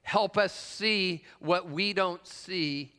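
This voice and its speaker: A man's voice: high-pitched, drawn-out words, sharp tone, clear, resonant tone. A man preaching a conversational sermon and telling a personal story, with frequent "uh" fillers and questions put to the congregation. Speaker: pastor. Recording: long reverb of a large hall.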